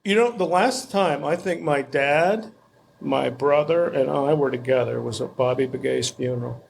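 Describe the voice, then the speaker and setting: Brief: gravelly-voiced male co-host, offhand and wry. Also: mid-range voice, moderate pace, a little hiss or hum. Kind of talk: casual podcast chat.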